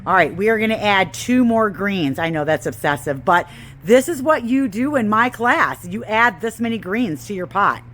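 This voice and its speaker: Woman instructor, enthusiastic hands-on demo, average pitch, light outdoor ambience. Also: lively intonation, moderate pace, fairly bright tone, slight background noise, rough recording. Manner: enthusiastic, chatty, gushing over plants. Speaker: gardening instructor. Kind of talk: how-to demonstration. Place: outdoors on a porch.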